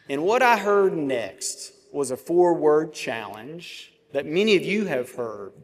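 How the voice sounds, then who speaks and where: Slow, reverberant man orating. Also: on the high side. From Georgia, US. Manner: measured oratory with dramatic pauses and vivid storytelling. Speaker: commencement speaker. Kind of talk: commencement address. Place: large ceremony venue. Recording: long reverb of a large venue.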